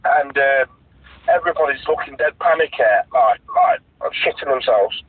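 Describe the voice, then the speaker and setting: A man's voice: mid-range voice, normal speed, husky. A man co-hosting a podcast over a phone call, rambling and stammering in a casual chat. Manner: rambling, stammering, laughs easily. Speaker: podcast co-host. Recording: tinny phone line, dry.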